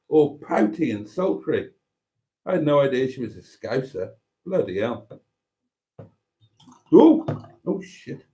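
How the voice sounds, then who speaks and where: A man's voice: mid-range voice, dark tone. A middle-aged man with a chatty, rambling manner and cheeky asides, hosting a livestream and reading out comments from chat. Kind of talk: casual chat.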